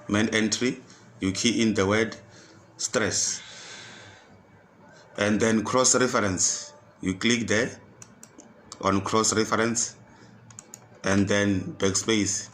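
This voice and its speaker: A man tutoring computer skills, walking through a software task step by step and repeating each instruction. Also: on the low side, a little hiss or hum. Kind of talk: screen-recorded software tutorial.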